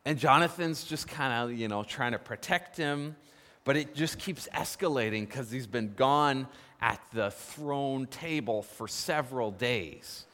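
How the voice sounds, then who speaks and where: A man preaching a sermon, telling a story with lively emphasis and posing questions to the congregation. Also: mid-range voice, measured pace. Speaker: pastor. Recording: long reverb of a large hall.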